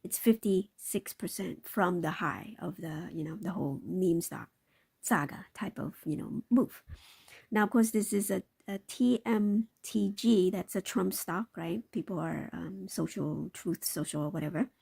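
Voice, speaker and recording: A female livestream host rambles repetitively through commentary on market clips, frequently ending points with tag questions. She has a fairly low, creaky voice that's a little mellow with a breathy edge, and her pace is measured.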